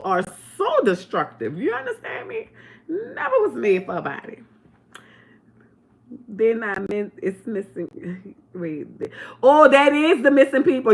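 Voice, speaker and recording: Animated woman in a loose, swooping livestream rant. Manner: animated, swooping pitch, loud bursts. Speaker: livestream host. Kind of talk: casual livestream commentary.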